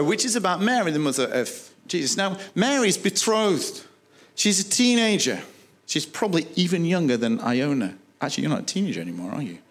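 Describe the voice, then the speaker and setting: A man preaching a sermon, telling a Bible story with animated delivery and acting out the dialogue. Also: fairly high pitch.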